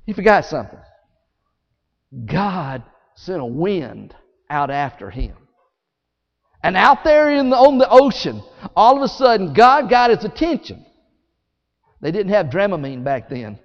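A man preaching a sermon as a story, animated and folksy, acting out scenes with sound effects. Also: sits high. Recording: echoey hall, dull sound.

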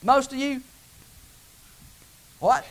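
A man preaching a sermon, swinging from loud, rising calls to hushed, low asides. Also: drawn-out words.

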